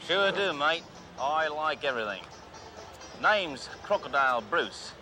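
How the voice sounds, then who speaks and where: An actor playing a cop who poses as a boastful, brash rich Australian car dealer, with a hammy put-on Australian accent and heavy slang. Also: male voice, a little high, animated, unhurried, music in the background, pitched above the performer's own voice. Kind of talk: 1980s sitcom acting.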